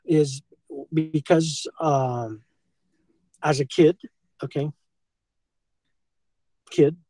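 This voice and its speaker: A former school teacher being confronted outdoors, answering in a halting, nervous, stammering way. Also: male voice, a little high, steady tone, no echo. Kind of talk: tense street conversation. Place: outdoors by a coffee shop. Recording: loud street and traffic noise. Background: traffic and city ambience.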